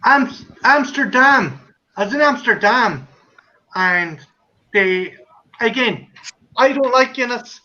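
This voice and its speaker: A man's voice: extremely high pitch, animated, slow, pauses often, pushed and bright. An Irish man from Ireland hosting a casual podcast chat, telling stories in a profane, ranting way. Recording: slightly muffled audio.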